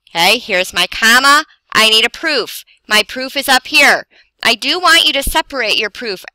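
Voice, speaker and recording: A woman teaching a grammar lesson, explaining slowly and deliberately with pauses for emphasis. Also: medium pitch, bright, forceful tone, smooth, dry recording, low-quality recording. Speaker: English teacher.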